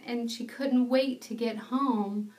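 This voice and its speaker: A woman's voice: a little high, fairly even intonation, slow, a little mellow, distant mic. A young woman giving a personal testimony, telling the story in an earnest, self-deprecating way.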